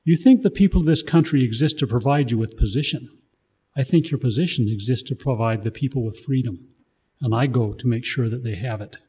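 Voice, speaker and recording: Man voicing a defiant rebel chief: declamatory, raised and husky, lo-fi sound. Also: mid-range voice, brisk. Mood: fervent. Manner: rousing, declamatory. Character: defiant rebel leader rousing his men.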